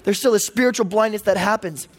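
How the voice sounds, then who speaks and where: A pastor preaching a sermon, animated and humorous, with comic asides to the congregation. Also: medium pitch, fast.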